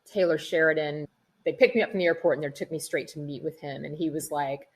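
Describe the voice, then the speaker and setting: A middle-aged woman, an actress, chatting in an interview and telling animated stories about her work. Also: low voice, fast talker, slightly rough. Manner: chatty, animated storytelling, acts out quoted people. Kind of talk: casual interview conversation.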